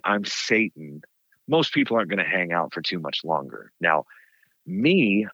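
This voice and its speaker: A low-voiced man tells ghost stories with lively, swinging delivery and a bright edge. The sound is dry and a bit dull, as if recorded on modest gear. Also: breathy edge, no room sound. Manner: animated storyteller, laughs often. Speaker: caretaker of a haunted site. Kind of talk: casual interview chat.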